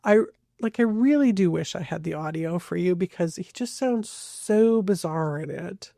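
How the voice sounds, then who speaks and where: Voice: mid-range voice, lively intonation, moderate pace, vocal fry, dark tone, dry recording, clean studio sound. A true crime podcast host narrating a case in a casual, conversational way, hedging often and restarting sentences.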